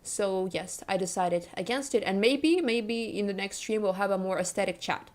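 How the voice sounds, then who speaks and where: A young woman chatting to her live stream audience in a loose, rambling way. She giggles often, trails off and restarts her sentences while she talks. Her voice sits at an ordinary pitch for a woman. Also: moderate pace. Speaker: VTuber streamer. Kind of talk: casual chat with live stream viewers.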